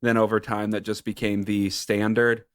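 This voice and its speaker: Dry-humored man, low voice. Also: normal speed, smooth, dry recording. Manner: relaxed, dry joking. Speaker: podcast co-host. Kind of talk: casual podcast chat.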